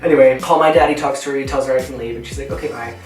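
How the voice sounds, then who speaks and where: A man's voice: mid-range voice, fairly even intonation, rapid-fire, far from the mic. A young man casually telling a story while doing his makeup, acting out voices as he goes. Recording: echoey room, voice from off-mic, faint music.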